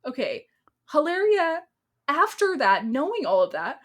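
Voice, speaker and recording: A woman co-hosting a podcast, chatting casually in an animated rant full of "like". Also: high voice, measured pace. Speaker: podcast co-host. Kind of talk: casual chat.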